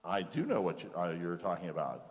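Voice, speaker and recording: A man teaching a congregation in a relaxed, conversational way, often checking in with "okay?" and "right?" and asking the audience questions. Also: deep voice, brisk. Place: large sanctuary. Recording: reverberant hall.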